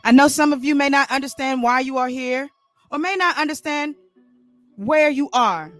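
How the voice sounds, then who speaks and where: A man's voice: extremely high pitch, normal speed, fairly bright tone, no room sound, soft background music, pitched above the performer's own voice. Grandstanding male leader rallying a crowd, a man doing him, comic story, dry close sound.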